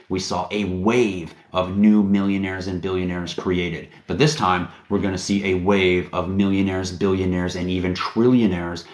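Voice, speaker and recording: A man's voice: low voice, darkish tone, roomy sound. A man hosting a casual livestream, rambling in a hyped-up way and swearing casually. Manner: rambling, hype-driven, casually profane. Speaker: livestream host and company founder.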